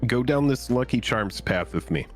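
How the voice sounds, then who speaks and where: A man's voice: medium pitch, lively intonation, normal speed, soft background music. A man co-hosting a live stream, chatting casually in a laid-back way and thanking viewers. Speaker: co-host of a card game live stream.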